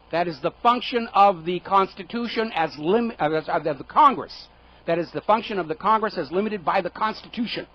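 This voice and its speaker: A high-pitched male radio host delivers sarcastic, indignant political commentary. His voice comes through a dull, lo-fi broadcast recording. He jabs at his targets with mocking rhetorical questions. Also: fairly bright tone. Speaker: radio talk show host.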